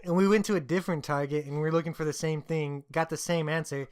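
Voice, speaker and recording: A man's voice: on the high side, fairly even intonation, fast talker, clear, resonant tone, no echo, studio quality. A young man co-hosting a casual podcast, teasing his friend and telling profane stories with frequent laughs. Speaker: podcast co-host.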